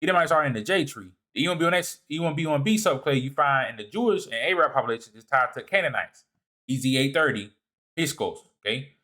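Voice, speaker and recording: A man talks his audience through a set of slides, stopping and restarting his phrases as he goes. He keeps asking "all right?" and "you see what I'm saying?", rising sharply on key points and dropping to quiet mutters in between. His voice sits at an ordinary middle pitch. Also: lively intonation, quick pace. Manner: repeats and restarts words, asks "all right?" often; swings from emphatic rises to low muttering asides. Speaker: presenter of a video series. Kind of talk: lecture walking through slides.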